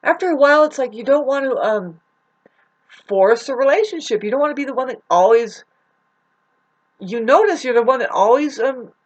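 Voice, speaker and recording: A woman's voice: fairly high pitch, lo-fi sound. Rambling, upset woman venting to camera. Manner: rambling, profane, loops back and restarts often. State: upset, close to tears. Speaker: vlogger. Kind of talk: unscripted emotional vlog monologue.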